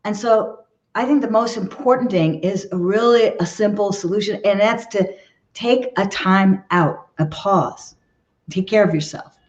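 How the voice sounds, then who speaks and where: A woman's voice: mid-range voice, a little slow, highs cut off. Earnest woman giving relationship advice. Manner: earnest, repeats words, often checks in with "okay?". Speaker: relationship expert guest. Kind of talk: conversational interview advice.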